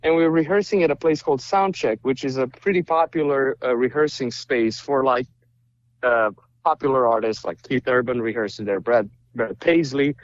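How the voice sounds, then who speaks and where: A male musician from Romania chatting as a podcast guest, telling lively stories and acting out what people said. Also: mid-range voice, normal speed, dull audio. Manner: animated storyteller, acts out quoted dialogue. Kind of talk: casual interview chat.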